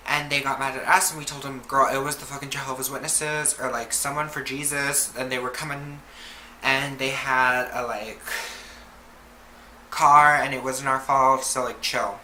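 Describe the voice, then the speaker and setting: A woman's voice: very deep voice, fairly even intonation, unhurried, pushed and bright. A young woman telling a casual storytime on her vlog, chatty and full of "like" and swearing. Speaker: vlogger. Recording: roomy echo, faint background noise.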